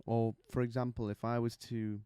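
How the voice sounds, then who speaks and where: A man's voice: mid-range voice, level tone, moderate pace, mellow, smooth, no room sound, clean studio sound. A man teaching singing technique, chatty and explaining with demonstrations and little stories. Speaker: vocal coach. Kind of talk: singing lesson to camera.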